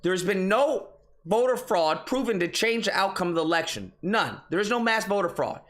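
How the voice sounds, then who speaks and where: A man's voice: high-pitched, animated, normal speed, fairly bright tone. A young man hosting an online commentary show, ranting in a casual, exasperated and profane way. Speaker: political commentary host.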